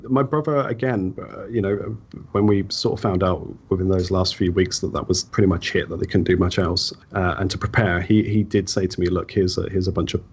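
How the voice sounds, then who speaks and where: A man, speaking with feeling as a podcast guest in a halting, heartfelt way, often repeating words. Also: sits low, husky, lo-fi sound. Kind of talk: reflective personal interview talk.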